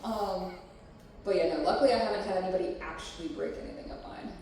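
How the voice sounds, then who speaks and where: At a convention panel with a live audience, a woman speaks quickly in a medium-pitched, slightly mellow voice, keeping it frank and casual with some swearing and frequent "like, you know." The echoey room is picked up by a distant mic, plus a little hiss or hum.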